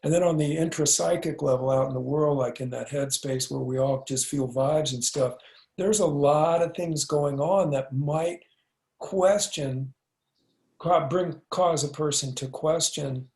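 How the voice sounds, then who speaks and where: Male podcast guest: easygoing street-slang talker, gravelly tone, pitched a bit high. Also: slow pace, darkish tone, low-quality recording. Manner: laid-back slangy, says "dig, man". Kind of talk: conversational explaining.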